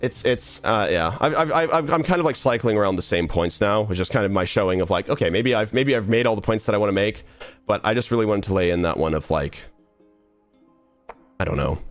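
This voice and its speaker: A man's voice: lowish voice, animated, brisk, faint music behind. A young man streamer talking earnestly in a casual, rambling monologue full of restarts while he plays a game. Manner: rambling, earnest, many restarts and trailing asides.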